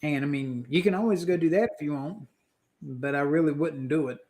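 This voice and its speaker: A man's voice: fairly high pitch, brisk, darkish tone, natural voice. A man voicing a weary woman dealer at a spaceport, dry and matter-of-fact.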